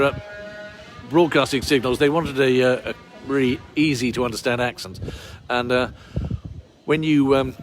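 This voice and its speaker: A man from Bristol speaking with a received pronunciation English accent, guiding a walking tour outdoors on a cold street. He talks in a chatty, rambling way, with lots of fillers and wry asides. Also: mid-range voice. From Bristol, England. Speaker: tour guide. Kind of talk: walking tour talk to camera. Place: outdoor street in a town centre.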